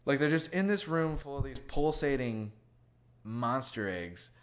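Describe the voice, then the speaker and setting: A man's voice: mid-range voice, animated, measured pace. A man riffing on a movie in a rambling, sweary comedic rant full of fillers. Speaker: comedy commentator.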